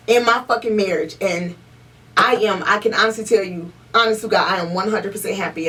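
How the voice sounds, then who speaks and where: In a podcast room, a young female co-host with a somewhat high, fairly bright voice gets into loose, heated casual chat. She swears freely and drives her points home by repeating them. Sitting a little back from the mic, she sounds slightly distant.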